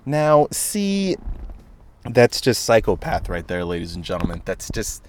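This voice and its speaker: Man, 20s, podcast host, lowish pitch, profane, sarcastic, rambling monologue. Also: very animated, measured pace, a little hiss or hum. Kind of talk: casual solo podcast monologue.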